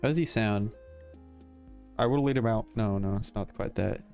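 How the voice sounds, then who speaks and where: A man's voice: fairly low pitch, normal speed, creaky, darkish tone. A young man with an Australian accent, chatting casually and swearing while playing a game, with game music behind. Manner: sweary, laughing, rambling. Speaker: gaming YouTuber. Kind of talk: casual gaming commentary.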